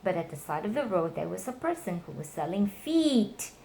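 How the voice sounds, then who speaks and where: A woman reading children's storybook tales aloud to her nephew, voicing the characters with high squeals. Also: big pitch swings, normal speed, vocal fry, warm tone.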